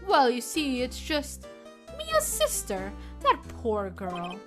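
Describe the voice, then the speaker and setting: A woman's voice: a little high, huge pitch swings, fairly bright tone, soft background music, full character voice. A woman voicing a fussy elderly male lawyer who rambles, hesitates and keeps saying "my boy". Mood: fretful. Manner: halting, nostalgic, calls others "my boy".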